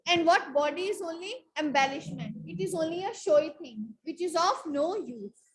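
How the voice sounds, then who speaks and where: A woman with a very high voice teaches a class. She reads a passage aloud, stops to explain what words mean and repeats phrases until they sink in. She drops "okay" between her points. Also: animated, normal speed, rough recording. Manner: explains word meanings, repeats phrases, says okay often. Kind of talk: classroom lesson explaining a text.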